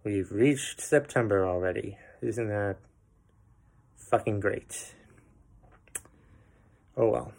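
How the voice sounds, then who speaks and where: A man's voice: fairly low pitch, slow pace, creaky, long pauses, a little mellow. A man hosting a podcast, ranting about everyday annoyances with profanity and sarcastic asides. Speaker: podcast host. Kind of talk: ranting commentary.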